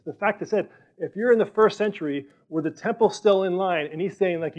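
A man preaching a sermon as pastor in a casual, animated way, sometimes acting out what others might say. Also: sits high, a little fast. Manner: animated, conversational, acts out quoted speech. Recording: dull lo-fi recording.

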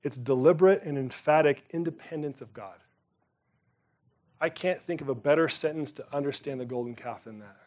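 A man delivering a sermon in a loose, conversational way, with a voice sitting a little high for a man. He presses hard on some words, then lets his voice fall soft and low. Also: brisk. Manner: conversational preaching, swings between emphatic and quiet. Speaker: pastor.

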